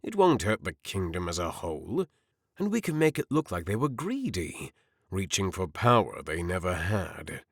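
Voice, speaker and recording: A man's voice: sits low, sing-song, normal speed, husky, no room sound, clean studio sound, full character voice. A man voicing a cold, threatening, power-hungry lord in an audiobook. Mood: scheming. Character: scheming older lord, menacing and power-hungry.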